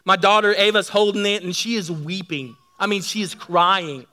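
A middle-aged man preaching a sermon, telling lively stories to his congregation. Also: sits high, moderate pace. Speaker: pastor.

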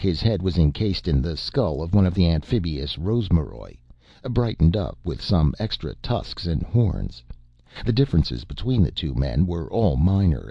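A man narrating a novel as an audiobook, in a measured storytelling manner. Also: low-pitched, vocal fry, husky, no echo, dull audio. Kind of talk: scripted narration.

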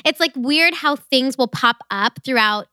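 Bubbly young woman co-host, bright high voice, dry close mic. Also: unhurried, clear, resonant tone, no echo. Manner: bubbly, enthusiastic, laughs often. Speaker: podcast co-host. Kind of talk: casual podcast chat.

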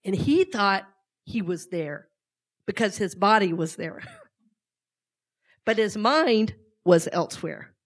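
A woman's voice: medium pitch, expressive, takes it slowly, pauses often. A middle-aged woman giving a conversational talk to a live audience, often asking them questions. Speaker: speaker.

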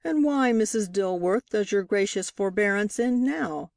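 A woman reading the part of a sharp, relentless male courtroom lawyer, with a pointed, cross-examining delivery. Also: mid-range voice, expressive, measured pace, gravelly, no echo, studio quality, voice pushed up. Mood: sharp, pressing. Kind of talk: audiobook character reading.

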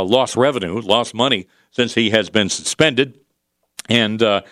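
A male talk radio host giving conversational commentary, pausing often on fillers. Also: mid-range voice, fairly bright tone, no echo, clean studio sound. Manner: conversational, with frequent filler pauses.

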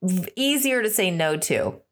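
A woman co-hosting a podcast in casual chat, talking emphatically with quick asides. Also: on the low side, lively intonation. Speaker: podcast co-host.

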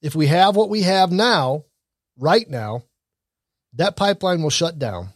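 A man's voice: on the high side, lively intonation, unhurried, no room sound, studio quality. Blunt, opinionated man. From Michigan. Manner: blunt, opinionated, rambling with restarts. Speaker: commentary show host. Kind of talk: casual news and political commentary.

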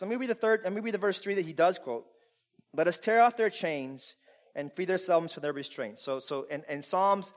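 A man preaching a sermon to a congregation, animated and playful, with loud bursts of laughter. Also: high voice. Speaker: pastor.

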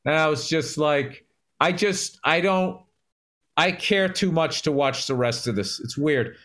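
A man with a slightly high voice talks sports on a casual chat show. He rants in a lively, loose way, swearing freely as he tells his stories. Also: measured pace. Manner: animated, profane sports rant. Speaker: podcast co-host.

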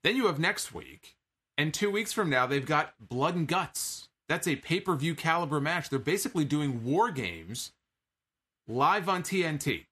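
A man's voice: fairly high pitch, animated, unhurried, sharp tone, slightly rough. A man hosting a podcast, giving an opinionated, casual recap of a wrestling show and quoting lines from it.

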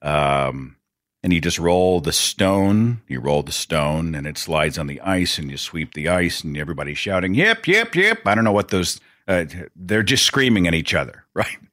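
A man's voice: low-pitched, moderate pace, a bit bright, no room sound, studio quality. A man hosting a podcast alone, talking in a casual, rambling way with chatty asides. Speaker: podcast host. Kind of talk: casual solo monologue.

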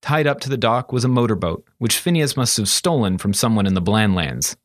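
A man narrating a fantasy story as an audiobook, steady and expressive. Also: lowish voice, fairly quick, no room sound, clean studio sound.

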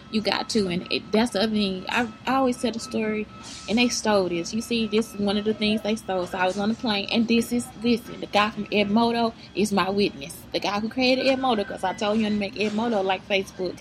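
A woman's voice: medium pitch, rough recording. A woman giving blunt, profane motivational advice straight to her viewers, in a preachy vlog style. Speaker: vlogger giving life advice.

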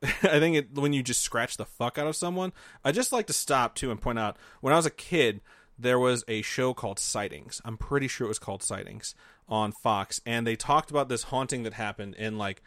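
A man's voice: medium pitch, moderate pace, fairly bright tone, dry recording. A man co-hosting a podcast, telling a spooky story in a casual, joking, profane way. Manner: profane, jokey, mocking asides. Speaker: podcast co-host.

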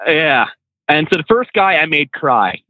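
A man's voice: on the high side, measured pace, dry recording. A man, a truck driver and trainer, telling road stories casually with lots of laughs and restarts. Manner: animated anecdotes with frequent laughs and restarts. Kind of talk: casual storytelling interview. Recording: dry tinny phone-like line.

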